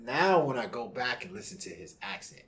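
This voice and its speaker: A man co-hosting a music podcast in casual chat, animated and laughing, jumping high in pitch for emphasis. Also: brisk. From born in Louisiana, raised in Virginia. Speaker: podcast co-host.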